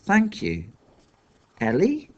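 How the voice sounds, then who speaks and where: A man voicing a wild, confused young boy who talks hoarsely and defiantly, wheezing. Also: high voice, huge pitch swings, drawn-out words, darkish tone, lo-fi sound, pitched above the performer's own voice, heavily acted.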